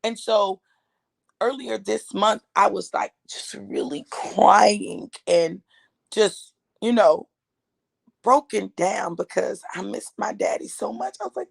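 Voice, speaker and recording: A woman's voice: mid-range voice, expressive, unhurried, gravelly, husky, no echo. A woman in her fifties, an author and speaker, telling a personal story to her viewers in an emphatic, chatty way and calling them y'all. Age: 50s.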